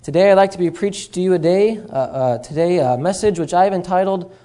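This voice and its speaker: A man's voice: fairly high pitch, animated, fairly quick, hardly any pauses, dark tone. A man preaching at an evening church service, rambling with many fillers and humorous asides. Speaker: guest preacher.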